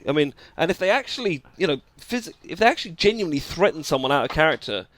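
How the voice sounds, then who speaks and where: Male co-host, higher voice with lively, animated intonation, earnest and emphatic. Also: quick pace, dry recording. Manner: earnest, emphatic, restarts a lot. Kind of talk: casual chat.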